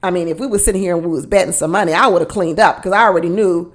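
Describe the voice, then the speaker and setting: A woman's voice: on the low side, racing. A woman chatting through a casual recap of a reality show, gossipy and talkative, speaking straight to her listeners. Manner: chatty and gossipy, addresses listeners as y'all, laughs often.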